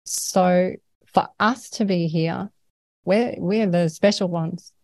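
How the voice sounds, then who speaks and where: A woman's voice: fairly low pitch, takes it slowly, darkish tone, dry recording. An Australian woman, a guest in an interview, talking earnestly and at length about her experiences, often laughing between thoughts. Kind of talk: conversational interview.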